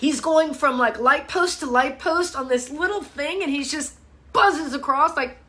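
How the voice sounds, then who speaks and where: A middle-aged woman fitness coach chatting on a live stream, blunt and animated, cursing freely. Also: high-pitched, a little slow. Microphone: phone or webcam mic.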